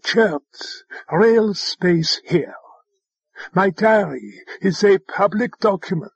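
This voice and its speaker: A man's voice: high-pitched, slow, husky, no echo, dull audio, pitched above the performer's own voice, exaggerated voice. A man voicing a dramatic young socialite woman. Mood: indignant. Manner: dramatic, exclaiming. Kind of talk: audiobook character voice.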